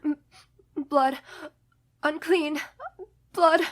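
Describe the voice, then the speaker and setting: A woman's voice: high-pitched, fairly even intonation, very slow. A woman voicing a terrified, distraught young wife in a radio play, speaking in a panicked, anguished way. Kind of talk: community radio play acting.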